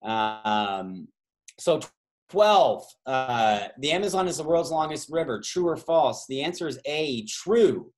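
A man's voice: mid-range voice, lively intonation, slow. Chatty Canadian man hosting trivia. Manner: rambling, many fillers and side stories. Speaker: trivia host and tour guide. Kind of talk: casual trivia hosting on video call. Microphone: video call.

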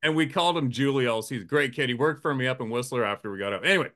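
A man who works as a hunting guide, telling a profane, animated campfire story, laughing often and acting out the quotes in a raised voice. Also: medium pitch, very fast. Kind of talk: casual storytelling. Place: campfire outdoors.

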